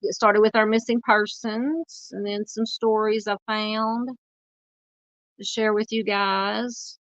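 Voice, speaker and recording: A woman in her forties with a Southern US accent, hosting a true crime livestream and chatting loosely with viewers, halting and full of fillers. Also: mid-range voice, level tone, no echo, highs cut off. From United States. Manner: rambling, halting, lots of fillers while searching the screen. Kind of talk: casual livestream chat reading comments.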